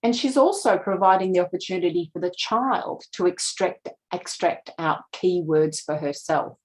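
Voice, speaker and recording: Middle-aged female presenter, lower register, steady explanatory conference-talk delivery. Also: normal speed, low-quality recording. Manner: explanatory, slips into quoted voices of parents. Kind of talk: lecture presentation.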